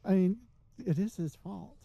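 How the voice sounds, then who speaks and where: Very dark-voiced woman chatting while gaming. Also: medium pitch, normal speed, gravelly, breathy edge, no room sound, muffled recording. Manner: chatty, animated, excitable. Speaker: host and gamer. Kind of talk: casual livestream gaming chat.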